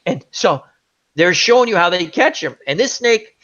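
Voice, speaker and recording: Male host, animated rambling storyteller, higher register, muffled recording. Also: normal speed. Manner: rambling, animated anecdote with many asides. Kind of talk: casual chat storytelling. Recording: dull lo-fi audio.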